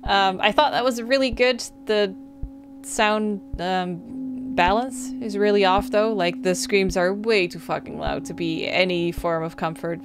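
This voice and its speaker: A woman's voice: lowish voice, vocal fry, noisy background. A woman hosting a gaming video, wrapping up with casual, blunt commentary and free swearing.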